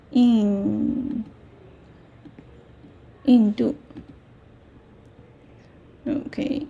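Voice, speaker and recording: A woman teaching a language lesson, repeating words slowly and checking that learners follow. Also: fairly high pitch, creaky, mellow. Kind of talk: slow, patient language lesson.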